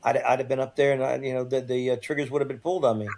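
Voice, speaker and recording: An older man, a guest on an interview show, telling a first-person story in a halting way, repeating and restarting words. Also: mid-range voice, flat delivery, gravelly, darkish tone.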